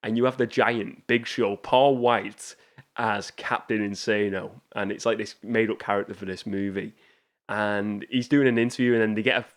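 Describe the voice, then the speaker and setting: A man's voice: lowish voice, fairly even intonation, normal speed. A man hosting a casual film review show, talking enthusiastically with frequent restarts and rambling asides. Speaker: movie show host.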